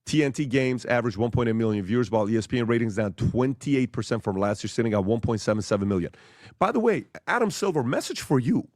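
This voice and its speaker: Animated man with a lively voice. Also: medium pitch, quick pace, no echo, clean studio sound. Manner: animated, challenging, rhetorical. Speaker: podcast host. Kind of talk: heated commentary.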